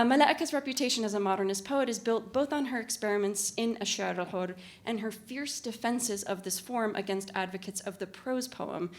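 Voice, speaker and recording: A woman on a conference panel, speaking as a literary translator and reading a prepared academic talk in a measured, articulate way with occasional fillers. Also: medium pitch. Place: university conference room.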